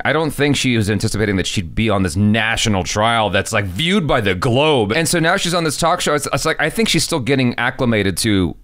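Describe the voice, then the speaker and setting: Lively man chatting on a reaction show. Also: medium pitch. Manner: animated, chatty, gesturing. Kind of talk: casual reaction chat.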